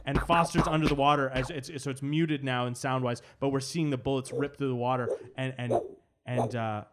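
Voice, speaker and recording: A man co-hosting a comedy podcast, narrating an improvised movie scene with halting restarts. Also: medium pitch, steady tone, slight background noise. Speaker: podcast co-host.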